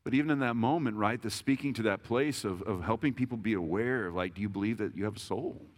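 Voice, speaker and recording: A man's voice: lowish voice, fast. A man in his thirties preaching a sermon in a conversational, self-deprecating way, with jokes and frequent restarts. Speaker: pastor.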